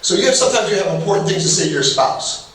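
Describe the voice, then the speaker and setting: A man's voice: sits high, sing-song, rapid-fire, a bit bright. Man, middle-aged, workshop presenter, conversational and humorous, distant mic, faint background hiss. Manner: humorous, conversational, acts out little dialogues. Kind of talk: casual workshop talk with personal stories. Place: large echoey hall. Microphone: distant room mic. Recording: echoey hall, far from mic, faint noise.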